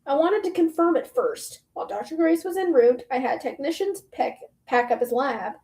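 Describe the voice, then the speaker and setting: A woman reading aloud as a brisk, blunt woman running a meeting, curt and matter-of-fact. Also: sits high, lively intonation, mellow.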